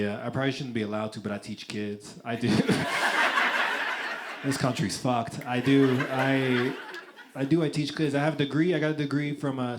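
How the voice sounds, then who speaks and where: A young man working a comedy crowd in a live venue, swinging into animated storytelling and laughing through his own punchlines. The live recording carries clear background noise under his mid-pitched voice. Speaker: stand-up comedian. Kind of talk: stand-up set.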